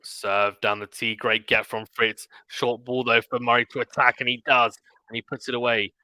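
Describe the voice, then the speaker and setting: A man giving live play-by-play tennis commentary on a stream, calling the shots quickly and dropping into quiet chatty asides between points. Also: mid-range voice, little pitch movement, dry recording. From Britain. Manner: rapid calls of the rally mixed with quiet chatty asides.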